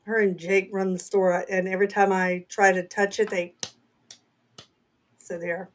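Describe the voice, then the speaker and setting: A woman's voice: medium pitch, flat delivery, measured pace, a little hiss or hum. A middle-aged woman with a Southern accent, co-hosting a casual chat and laughing often. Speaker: author and co-host.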